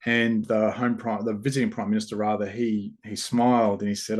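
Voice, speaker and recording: A man telling a parable in a relaxed, rambling way as host of a short message. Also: fairly low pitch, fairly quick, few pauses. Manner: relaxed, rambling, with fillers and restarts. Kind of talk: casual parable storytelling.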